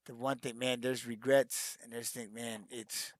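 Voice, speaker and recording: A man's voice: mid-range voice, level tone, a little slow, dry recording, clean studio sound. A middle-aged man, a retired fighter, answering fan questions in a casual live-stream Q&A, rambling with many restarts and fillers.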